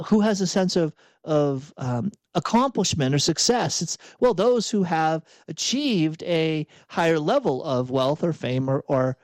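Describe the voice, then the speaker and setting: A man's voice: on the high side, a little mellow, no room sound. Man in reflective spiritual talk, dry sound. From outside Boston, USA. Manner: conversational, repeats and restarts phrases, rhetorical asides. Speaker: podcast host and executive coach.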